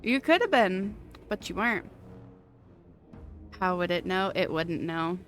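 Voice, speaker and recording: A woman's voice: on the low side, lively intonation, unhurried, faint music behind. A woman game streamer chatting casually with her live viewers, giggly and self-deprecating.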